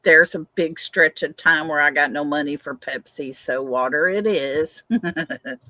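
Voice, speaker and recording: A woman's voice: sits low, a little slow, bright, forceful tone, no room sound. An older woman hosting a casual livestream, chatting, answering viewer comments and laughing often. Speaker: livestream host.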